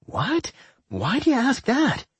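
A man voicing a cheerful, excitable male dungeon spirit who gets loud when alarmed. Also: high-pitched, unhurried, breathy edge, no echo, voice pushed up, full character voice. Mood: excited.

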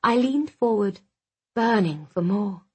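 A woman reads a romance novel in the first person, her voice husky and breathy. She takes her time, unhurried and soft, with an intimate closeness. The dialogue is acted out within the narration. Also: medium pitch, animated. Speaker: audiobook narrator.

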